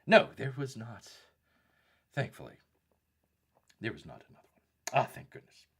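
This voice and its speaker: A man's voice: mid-range voice, very animated, moderate pace, vocal fry, fairly bright tone, slightly rough. A man with a Southern accent hosting a casual live stream, rambling, reading viewer chats and calling himself by a nickname in third person. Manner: reads out viewer chat messages.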